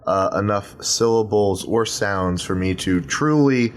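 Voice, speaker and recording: A man's voice: on the low side, unhurried, slight background noise. A man co-hosting a casual podcast, playful and wordy as he reacts to his guest. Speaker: podcast co-host.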